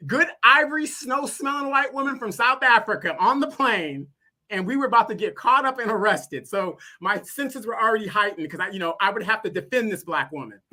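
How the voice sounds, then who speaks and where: A man's voice: high voice, lively intonation, a little fast, pushed and bright. A man co-hosting a live talk stream, playfully teasing his co-host. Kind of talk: casual live-stream chat.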